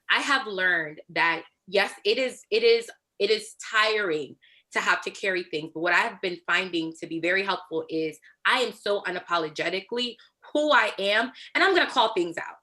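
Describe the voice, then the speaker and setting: A woman's voice: mid-range voice, normal speed, bright, forceful tone. A woman speaking candidly as a guest in a casual panel discussion, thinking aloud with frequent fillers. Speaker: podcast guest.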